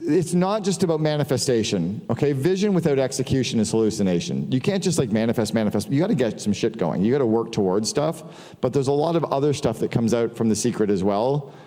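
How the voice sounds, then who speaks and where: Before an audience in a large hall with long reverb, a middle-aged man gives a casual, profane business talk. His mid-range, mellow voice is lively and fast, and he tells stories using quoted dialogue.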